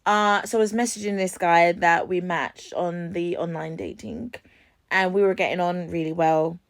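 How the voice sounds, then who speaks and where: A woman's voice: on the low side, steady tone, moderate pace, gravelly. A woman vlogger telling stories in a casual, dramatic way, acting out her own reactions and swearing freely. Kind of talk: casual storytelling.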